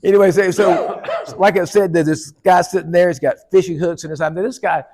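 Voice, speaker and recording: A man's voice: high-pitched, fairly even intonation, a little fast, a little mellow. A man giving a humorous keynote speech at a conference, joking with and teasing the audience. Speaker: keynote speaker. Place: conference hall.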